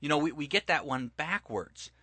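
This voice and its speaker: A man with a bright, forceful voice teaches scripture like a preacher in conversation. He leans hard on key words and slips into voicing the people in his stories. The sound is close and dry, with no room around it. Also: fairly high pitch, normal speed, slightly rough, dry recording. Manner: emphatic, retells scripture and stories with lively voiced quotes.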